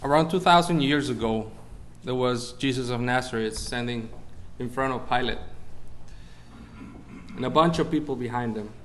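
A man's voice: mid-range voice, moderate pace, pauses often, fairly bright tone, a little hiss or hum. Man preaching a sermon. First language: Spanish. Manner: searches for English words, rises when preaching.

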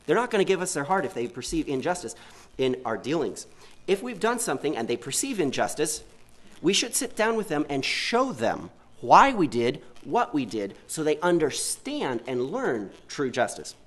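A man's voice: on the high side, a bit bright. A man preaching a sermon in an earnest way, often asking his listeners rhetorical questions.

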